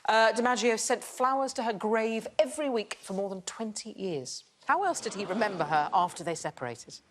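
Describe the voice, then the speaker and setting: A woman's voice: medium pitch, expressive. Wry woman hosting a quiz show. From England. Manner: wry, teasing, quick asides. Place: TV studio with audience. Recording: TV studio audience laughter, some noise.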